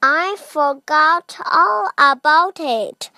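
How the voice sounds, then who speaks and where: A woman's voice: sits high, very slow, pushed and bright, no echo, clean studio sound, pitched above the performer's own voice, heavily acted. A woman doing a flustered pizza man. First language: Chinese. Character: pizza shop owner Tony, adult man, flustered.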